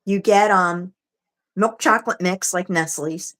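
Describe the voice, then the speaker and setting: A woman's voice: on the low side, unhurried, fairly bright tone. A woman co-hosting a livestream, chatting casually and telling stories with restarts. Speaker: livestream co-host.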